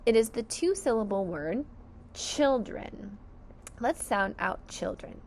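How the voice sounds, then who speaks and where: A woman's voice: fairly high pitch, lively intonation, slow pace, darkish tone, slight background noise. A woman teaching a phonics lesson to young children, sounding out each word syllable by syllable with careful enunciation.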